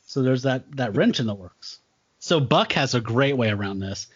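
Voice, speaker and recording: A man co-hosting a casual comic book podcast, enthusiastic and quick to laugh. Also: mid-range voice, no echo, lo-fi sound. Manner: enthusiastic, laughs often, makes pop culture comparisons. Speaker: podcast co-host.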